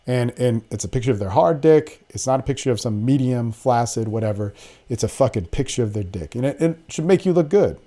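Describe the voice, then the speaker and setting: A man's voice: medium pitch, dark tone. A young man hosting a podcast, talking in a blunt, profane, rambling casual monologue. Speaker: podcast host.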